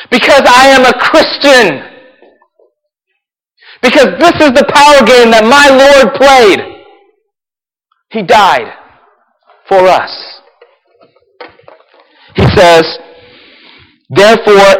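High-voiced male pastor preaching in a hall. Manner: swings from loud and intense to hushed and soft, with laughs. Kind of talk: sermon. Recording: reverberant hall.

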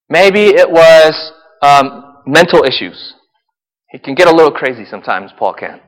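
A man preaching a sermon as a pastor. He swings from loud, intense passages to hushed, soft ones and laughs now and then. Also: on the high side. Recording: reverberant hall.

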